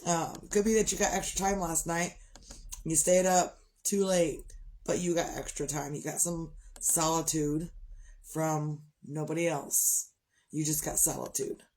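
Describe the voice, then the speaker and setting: Tired middle-aged woman, low-pitched, rambling livestream chat with sighs. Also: fairly even intonation, measured pace, darkish tone, a little hiss or hum. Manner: rambling, chatty, yawning and sighing. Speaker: livestream host. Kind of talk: casual chat.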